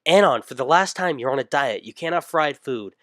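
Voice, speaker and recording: A shrill, frazzled mother voice, as a male narrator puts her on, leaping high and swinging wildly in pitch. The sound is bright and close, with a dry mic and no room around it. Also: expressive, fairly quick, dry recording, close to an everyday voice. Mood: scolding. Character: exasperated mother, later pleading in panic.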